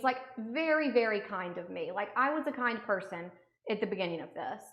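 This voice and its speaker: A woman's voice: medium pitch, fast talker. Sarcastic ranting woman in a roomy space. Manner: indignant, sarcastic, animated storytelling. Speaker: makeup vlogger. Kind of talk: storytime rant while doing makeup. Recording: roomy echo.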